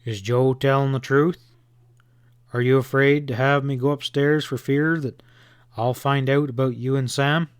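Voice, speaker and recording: A steady frontier sheriff speaks in a quiet, measured voice, as a man reads his part. The tone stays level and the recording is dry. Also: medium pitch, clean tone, no echo, natural voice.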